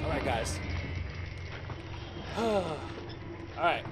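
A man commentating casually and profanely while playing a horror game, yelling when startled. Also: high voice, sing-song, measured pace, long pauses, heavy background noise. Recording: loud game music under voice.

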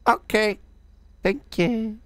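A man voicing a sheepish young man who makes meek, high-pitched excuses. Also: steady tone, extremely slow, dry recording.

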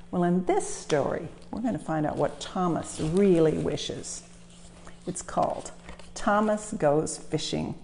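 A woman reading a children's story aloud as a museum storyteller, gentle and expressive. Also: lowish voice. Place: railway museum.

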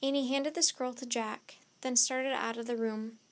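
A woman storyteller reading a children's chapter book aloud, slow, deliberate and expressive. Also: fairly high pitch.

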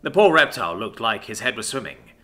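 Male narrator reading sci-fi audiobook, sardonic first-person delivery, very bright forceful tone. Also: medium pitch, very animated, fairly quick. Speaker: story narrator.

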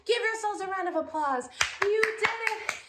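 A woman's voice: very high voice, lively intonation, moderate pace, heavy background noise. A woman teaching a children's music class, singing and leading little ones in a cheerful sing-song voice.

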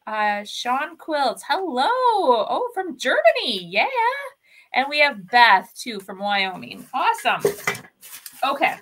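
A woman with a slightly high, bright, crisp voice hosts a live crafting stream. She chats casually with viewers and greets them by name. She rambles with plenty of fillers and self-corrections. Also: very animated, takes it slowly. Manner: chatty and upbeat, greets viewers and reads their comments aloud. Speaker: host of a furniture-flipping craft channel.

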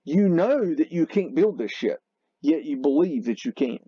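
A man hosting a video, talking loosely and excitedly over photos, often exclaiming and swearing. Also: a little high, moderate pace, husky, dry recording, muffled recording. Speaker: video host. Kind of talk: rambling commentary over photos.

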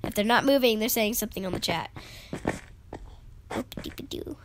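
A young woman with a sick, hoarse voice that keeps fading, chatting excitedly and giggling while she plays a game and talks to viewers. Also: mid-range voice, rapid-fire, a little hiss or hum. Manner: giggly and excitable, frequent laughs and squeals. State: sick, hoarse and losing her voice. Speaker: gaming YouTuber. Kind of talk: casual gameplay vlog.

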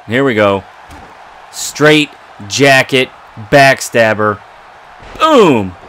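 A man commentating his own wrestling video game play, excitable and trash-talking his opponent. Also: mid-range voice, a little slow. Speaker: gaming commentator.

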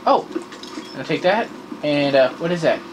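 A young man playing a video game with a friend, excitable and joking around in casual chat. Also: fairly high pitch, a little slow. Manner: excitable, jokey, breaks into silly bits. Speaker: gamer. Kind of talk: casual let's play chat. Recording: noisy home recording.

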